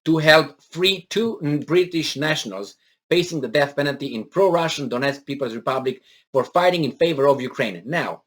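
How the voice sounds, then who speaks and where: A man's voice: mid-range voice, animated, normal speed. A man reads out news items and breaks off to mock them. His talk rambles, full of fillers and restarts, and has a sarcastic bite. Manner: sarcastic, mocking asides and put-on impressions. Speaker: political commentary vlogger. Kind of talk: casual monologue reading and commenting on news.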